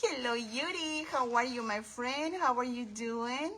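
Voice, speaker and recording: A woman hosting a casual craft livestream from her home craft table, chatting warmly with viewers by name and calling them her friends. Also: fairly high pitch, a little slow, rough recording.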